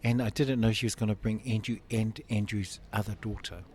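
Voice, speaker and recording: A man's voice: fairly low pitch, steady tone, fairly quick, darkish tone, a little hiss or hum. A man in his fifties giving an interview, telling a personal story earnestly and acting out the dialogue. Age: 50s. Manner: earnest, acts out quoted dialogue. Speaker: interview guest.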